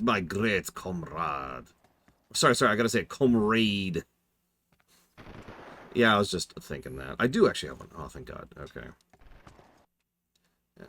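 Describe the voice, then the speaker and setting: Deep-voiced guy rambling over a game stream, dry jokes, voice jumps all over. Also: fairly bright tone. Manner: wry, self-deprecating, rambling. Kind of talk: casual game commentary.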